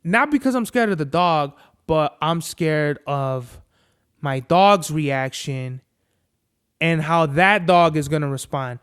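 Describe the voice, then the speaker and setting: A man's voice: a little high, takes it slowly, clear, resonant tone. A man hosting a podcast, chatting casually and swearing often, telling stories animatedly and acting out the lines of the people in them. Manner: profane, animated storytelling with acted-out quotes. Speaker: podcast host. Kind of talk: casual chat.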